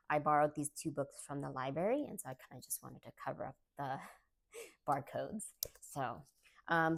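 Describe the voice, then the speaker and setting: A woman chatting casually to camera as she reviews books, gushing and full of fillers. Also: low voice. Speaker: book reviewer. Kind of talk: casual book review vlog.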